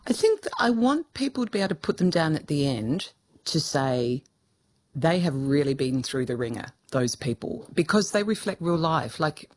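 A woman's voice: low-pitched, sing-song, moderate pace, darkish tone. A middle-aged woman, a novelist talking through her writing in a chatty interview, laughing easily and often restarting her sentences. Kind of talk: casual conversational interview.

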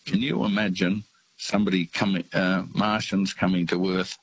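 An older Australian man calling in to a radio show, telling stories in a halting, rambling way with plenty of fillers. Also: low voice, little pitch movement, breathy edge, no echo, low-quality recording. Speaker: radio caller. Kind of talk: casual phone-in chat.

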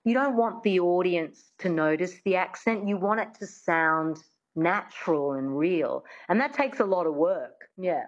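A woman speaks as a dialect coach, with a fairly low voice, slowing down to spell out sounds with care. The recording is a little dull and muffled. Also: expressive. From Australia. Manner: articulate, demonstrates sounds slowly and precisely. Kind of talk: conversational interview, teaching.

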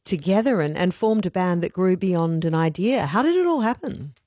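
A woman's voice: lowish voice, animated, normal speed, a little mellow, no room sound. A woman hosting a radio interview, conversational and prompting her guest, on a studio microphone. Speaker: radio host.

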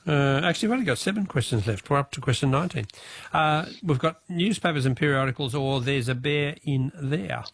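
An Australian man hosts a talkback radio quiz in a brisk, friendly way, reading questions and calling out listeners' answers. His medium-pitched voice is expressive and creaky, and the recording is dry.

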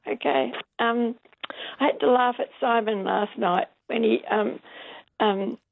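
An older woman phones in to a late-night radio show and chats like an old friend. Her voice is gravelly and husky, a bit high, and comes through a tinny phone line. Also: fairly even intonation, measured pace, no echo. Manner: chatty, laughing, casual. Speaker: caller.

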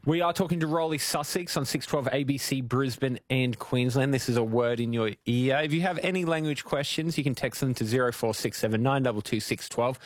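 A man's voice: medium pitch, fairly quick, hardly any pauses, dry recording. A man hosting a radio talk show, chatting with a guest and asking short follow-up questions. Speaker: radio host. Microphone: studio microphone.

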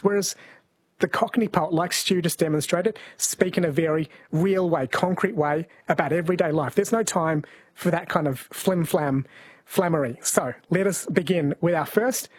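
Husky man explaining things. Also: high voice, normal speed, dry recording. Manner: explanatory, lecturing tone. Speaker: co-host. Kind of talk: casual comedy podcast chat.

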